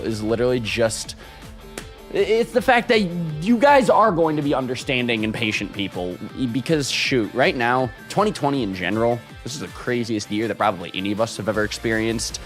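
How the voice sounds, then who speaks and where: A man live-streaming, chatting casually with his viewers and reading out super chats, excitable and quick to laugh. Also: mid-range voice. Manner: excitable, laughs often, loud shout-outs.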